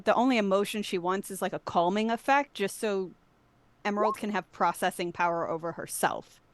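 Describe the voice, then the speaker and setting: A woman's voice: mid-range voice, a little fast. A woman speaking as a player in a tabletop game, talking urgently and persuasively.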